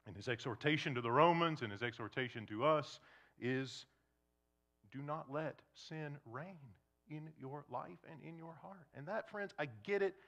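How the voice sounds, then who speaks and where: A man preaching a sermon to a congregation, shifting between loud emphasis and hushed near-whispers, and acting out imagined questioners. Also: on the high side, moderate pace. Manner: acts out imagined questioners in quoted asides. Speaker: pastor.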